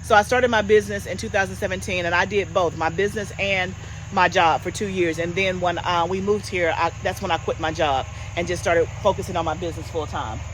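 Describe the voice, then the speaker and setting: Woman, 40s, homestead vlog host, relaxed animated chatter, calls viewers y'all. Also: fairly low pitch, fairly quick, a little hiss or hum, rough recording. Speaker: homestead gardening channel host. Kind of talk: casual chat.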